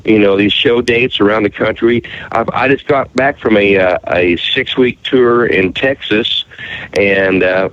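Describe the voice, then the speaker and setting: A man's voice: fairly low pitch, a little slow, a bit bright, no echo, highs cut off. A man from southwestern Ohio with an Appalachian country twang, a country singer answering interview questions in a laid-back, folksy way. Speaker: country singer-songwriter, guest. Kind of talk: radio interview.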